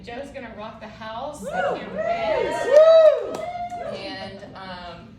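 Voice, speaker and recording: A young woman speaks as the bride, emotional and grateful in her wedding speech. She is far from the mic in an echoey room. Loud party chatter runs behind her. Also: on the high side, gravelly, noisy background. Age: young adult. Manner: grateful, emotional, says y'all often. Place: indoor party venue.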